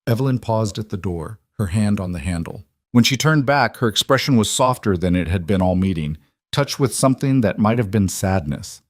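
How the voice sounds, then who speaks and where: A man giving an even, measured scripted story narration. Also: on the low side, no echo, clean studio sound.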